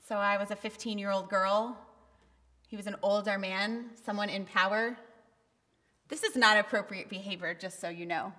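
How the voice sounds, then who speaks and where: A female pastor preaches candidly and conversationally in a church sanctuary, punctuating her words with bursts of emphasis, while the hall's long reverb trails behind her. She has a sharp, mid-range voice with fairly even intonation at normal speed.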